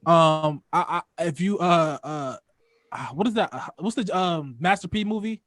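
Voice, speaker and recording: High-voiced rambling young man. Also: normal speed, fairly bright tone, no room sound, studio quality. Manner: rambling, slangy, full of fillers. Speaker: podcast co-host. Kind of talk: casual chat.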